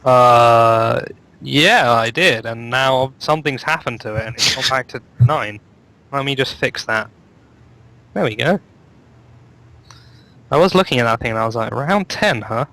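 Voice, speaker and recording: A man's voice: medium pitch, a little slow, pauses often, sharp tone, poor audio. A man hosting a casual chat show, joking and teasing the others and laughing often. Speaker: podcast host.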